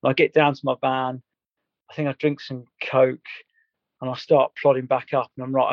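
A man's voice: medium pitch, level tone, normal speed, dry recording, highs cut off. A man earnestly recounting a story in a candid podcast chat, rambling and restarting as he goes. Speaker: guest.

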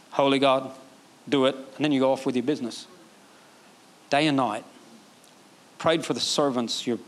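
A pastor preaching a sermon, animated, acting out quoted prayers in a raised voice. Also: male voice, medium pitch.

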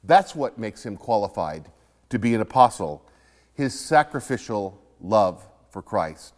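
Male preacher, animated and emphatic, in a reverberant hall. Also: lowish voice, a little slow. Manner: emphatic, dramatic storytelling delivery. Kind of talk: sermon.

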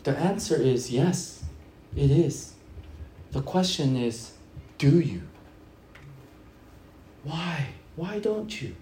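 A man's voice: a little high, drawn-out words, pauses often, echoey room. A middle-aged male pastor preaching a sermon, telling stories and acting out the people in them. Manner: storytelling, animated with acted-out quotes.

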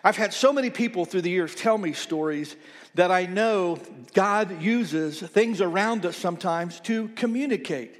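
A male pastor with a high, light voice delivers a storytelling sermon, acting out the people he quotes. He sometimes sinks to a hushed, almost whispered tone, and his voice rings out with a long echo in a big church hall. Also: unhurried. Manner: storytelling, quoting others in lively retellings, dropping to soft near-whispers. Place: church sanctuary.

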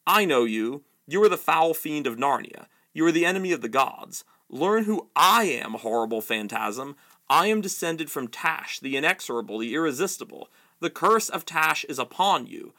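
A man's voice: fairly high pitch, animated, moderate pace, pushed and bright. A man voicing an arrogant, furious young prince who shrieks and rants while reading a novel aloud. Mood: raging. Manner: shrieking, ranting.

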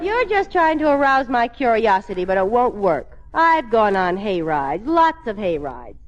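A bubbly, teasing young wife in a vintage radio comedy, her high voice leaping up and down through every line. The broadcast sounds muffled, with a steady hiss underneath. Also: unhurried. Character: playful young wife and doting daughter. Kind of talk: 1950s radio sitcom acting.

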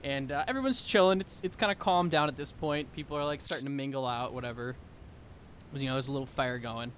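A young man telling a party story among friends in casual chat, animated and profane, acting out other people's lines. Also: mid-range voice, a little fast, a little hiss or hum. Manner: animated, swearing, acts out quotes in raised voice.

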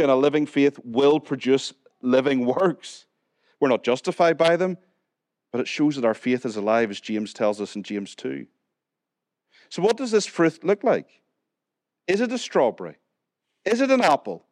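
A man's voice: fairly high pitch, a little mellow, no room sound. A man with a Northern Irish accent preaching a sermon in a conversational way, putting questions to the congregation and joking now and then. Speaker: pastor. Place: church hall.

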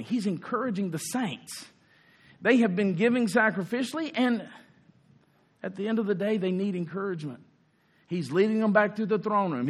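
Man, pastor, sermon, high-pitched, earnest preaching, slows on key phrases.

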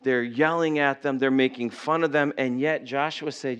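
A man preaching a sermon, telling a Bible story with lively acted-out voices. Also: medium pitch, moderate pace, few pauses, clean tone, lo-fi sound. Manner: animated storytelling, acts out voices. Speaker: pastor.

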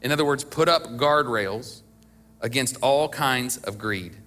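A man's voice: medium pitch, unhurried, pushed and bright. A middle-aged man preaching a sermon as pastor, talking conversationally with emphatic bursts and small chuckles.

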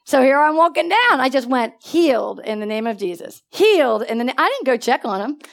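Animated woman preaching a sermon. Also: sits high, brisk, creaky. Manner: animated, swings from hushed to loud, asks the audience questions. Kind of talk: sermon with personal stories.

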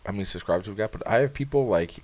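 A man's voice: lowish voice, animated, very fast, darkish tone. A man co-hosting a podcast in casual chat, joking around and trailing off into mumbles. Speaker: podcast co-host.

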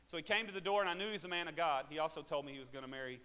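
A man with an Arkansas accent, a pastor telling a personal testimony in a sermon, moving between loud preaching and quiet asides. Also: on the high side, very fast. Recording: hall reverb.

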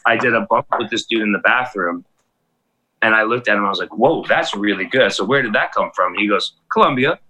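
Middle-aged male host, bright voice, loose, profane, animated storyteller. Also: lowish voice, quick pace, slight background noise, rough recording. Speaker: DJ and podcast host. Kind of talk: casual storytelling chat.

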